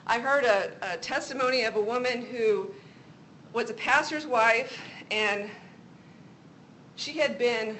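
A woman's voice: a little high, takes it slowly, pauses often, sharp tone, slight background noise, low-quality recording. Earnest middle-aged woman teaching faith. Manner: earnest, testimony-style storytelling.

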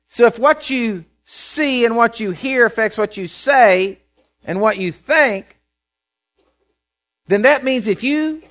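Lively, high-pitched preacher man. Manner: animated, acts out voices of people he quotes; plain, folksy phrasing. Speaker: pastor. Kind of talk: sermon. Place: church, at a pulpit.

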